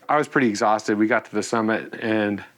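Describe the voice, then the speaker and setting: A man's voice: on the low side, brisk, a bit bright. A man in a documentary interview, recounting stories with a laugh and self-deprecating humor.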